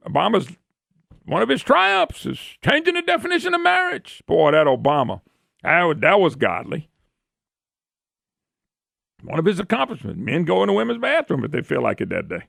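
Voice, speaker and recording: A man's voice: on the high side, wildly swooping pitch, normal speed, vocal fry, fairly bright tone, no room sound. A man hosting a talk radio show, delivering an opinionated monologue on a studio microphone, indignant and mocking and often repeating phrases.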